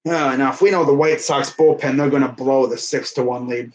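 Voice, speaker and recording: A young man with a medium-pitched voice gives brisk, casual play-by-play of a baseball video game on a rough recording. He's a fan commentator, chatty and quick to laugh, often talking to someone off-mic.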